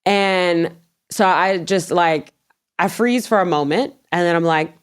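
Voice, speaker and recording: Speaking slowly in a mid-range voice, a woman recounts a story as an interview guest. She's animated and blunt with her swearing, laughing a lot and replaying her own past words.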